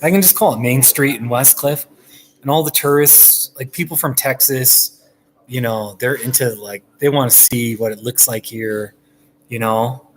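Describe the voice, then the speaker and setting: A man's voice: medium pitch, steady tone, normal speed, low-quality recording. Rambling chuckling man live streaming. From United States. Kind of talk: casual live stream chat. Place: coffee shop.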